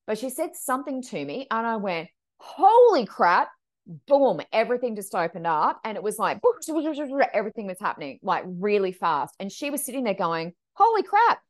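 Animated woman medium, casual podcast guest, acts out quotes, very lively pitch. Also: brisk, few pauses. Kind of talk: casual storytelling chat.

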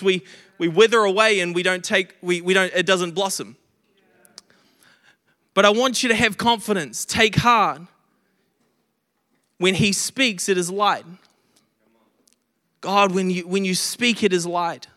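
Still short of breath while recovering from illness, a man earnestly preaches, frequently stumbling and starting over as he leans on repeated phrases. He speaks in a high, sharp voice at a slightly slow pace, trailed by long reverb.

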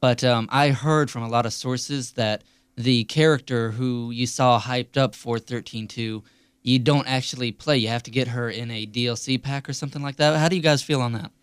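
A man's voice: medium pitch, steady tone, moderate pace, clear, resonant tone, no echo. A man on a casual gaming podcast, asking curious questions as a newcomer to the topic.

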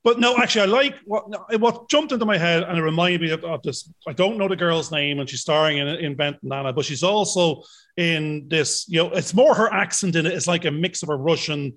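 A man's voice: a little high, brisk, a bit bright. A man in his fifties, co-hosting a casual chat, rambling and self-deprecating. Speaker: podcast co-host.

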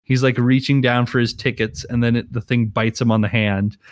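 A man chatting casually as a co-host, laughing as he acts out scenes in quick voices. His voice is smooth and clear. The sound is dry and close. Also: medium pitch, steady tone, no echo. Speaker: podcast co-host. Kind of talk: casual chat.

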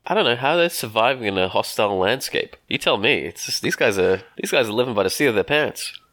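A playful man bantering on a podcast, forever breaking into silly mock voices. His bright voice swoops up and down a lot. The sound is close and completely dry. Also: medium pitch, animated, fast, no echo. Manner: playful, keeps slipping into goofy quoted voices. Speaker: podcast co-host. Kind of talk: casual banter.

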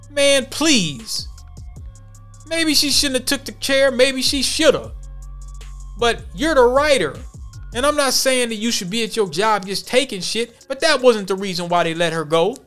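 High-voiced man doing heated commentary. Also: fairly bright tone. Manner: blunt, heated commentary with slang. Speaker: podcast host. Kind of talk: reading news and commenting.

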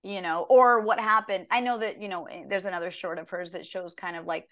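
A woman voice actor chatting in an interview, animated and acting out bits of her lines as she talks, with a dry, sarcastic edge. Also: on the low side, brisk. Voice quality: can sound dry and sarcastic. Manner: animated, acts out lines mid-story. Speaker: voice actor guest. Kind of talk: casual interview chat.

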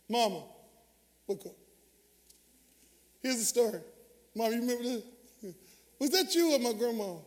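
A man preaches in a large church sanctuary, his voice sitting unusually high for a man. He trades lines with the congregation in a lively, conversational way. Long reverb from the hall trails each phrase. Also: slow, long pauses. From Southern US. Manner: call-and-response preaching, animated and conversational. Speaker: pastor. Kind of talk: sermon.

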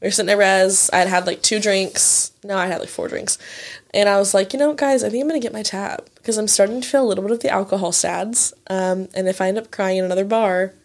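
A woman's voice: mid-range voice, fairly even intonation, quick pace. A young woman in her twenties co-hosting a podcast, telling stories in casual chat. She swears a lot and acts out the people in her stories. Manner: chatty, swears often, acts out quoted people. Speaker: podcast co-host.

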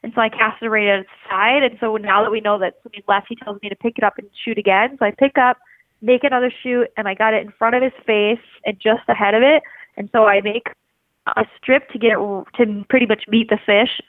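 A woman telling an animated, casual story, full of "like" fillers and swearing freely. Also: a little high, fast, dry recording. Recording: tinny dry phone line.

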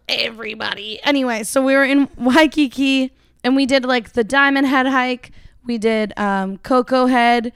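A young woman with a slightly high voice, recorded dry and close. She talks casually and quickly, poking fun at herself and laughing easily. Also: clear, resonant tone, no echo. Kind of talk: casual chat.

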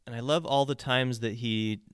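A man's voice: mid-range voice, steady tone, normal speed, a bit bright, clear, resonant tone, no room sound, clean studio sound. A man co-hosting a podcast, talking through an album in an enthusiastic, detailed way with frequent restarts. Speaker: podcast co-host. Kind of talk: casual album discussion.

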